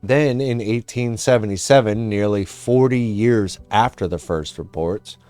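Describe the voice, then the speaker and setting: Slow, low-voiced man narrating folklore. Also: warm tone, clear, resonant tone, no echo, soft background music. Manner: measured, dramatic pauses, with casual asides. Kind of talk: scripted narration of a folklore history.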